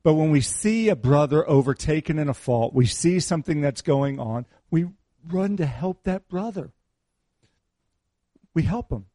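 A male pastor with a mellow, dark voice gives a relaxed, chatty sermon. He repeats his key lines and teases members of the flock with light joking asides. The sound is dry and close. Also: a little high, measured pace, no room sound. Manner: conversational, repeats key phrases for emphasis; teasing, joking asides with the congregation. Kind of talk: informal sermon.

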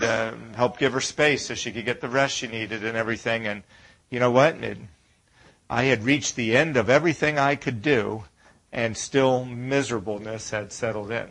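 This is a conversational sermon from a middle-aged man whose voice sits at medium pitch and moves at a moderate pace. Animated throughout, he poses rhetorical questions and mimics whiny complainers, though the audio quality is poor.

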